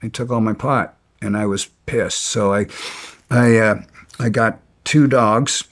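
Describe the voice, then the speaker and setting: A man's voice: lowish voice, steady tone, measured pace. A man as an interview guest, telling stories bluntly and with some resentment, stumbling and restarting his sentences. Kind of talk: casual storytelling.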